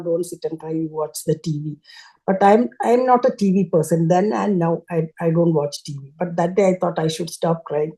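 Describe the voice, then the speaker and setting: An older woman shares a personal devotional story as a guest. Her voice sits low and has a soft, mellow warmth. She speaks haltingly, breaking off mid-phrase and restarting as she looks for the right word. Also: rough recording. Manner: halting, searching for words with frequent restarts. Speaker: guest sharing a devotional testimony.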